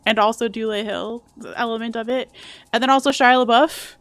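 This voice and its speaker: A woman's voice: fairly high pitch, steady tone, fairly quick, fairly bright tone, no echo. A young adult woman streaming a video game, chatting casually and sarcastically and swearing now and then. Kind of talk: casual live-stream chat.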